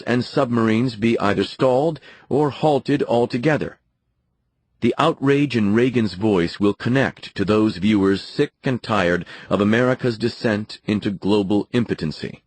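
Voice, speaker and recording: A man narrating a nonfiction audiobook in a measured, dramatic storytelling manner. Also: fairly low pitch, slightly rough.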